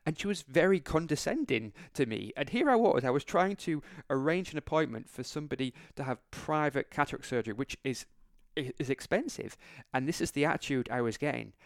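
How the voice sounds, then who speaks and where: A man tells a story on his podcast in a casual, animated way, stumbling and restarting as he goes. His voice is smooth and resonant, recorded dry and close with no room sound. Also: mid-range voice, brisk, no room sound. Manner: chatty, animated anecdote with frequent restarts. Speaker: podcast host and optometrist.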